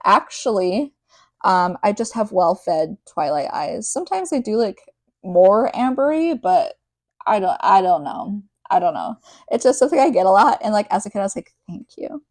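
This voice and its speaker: A woman's voice: medium pitch, lively intonation, moderate pace, dry recording, studio quality. A young woman hosting a casual podcast, recapping a novel in a rambling, chatty way full of fillers and side tangents. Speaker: podcast host.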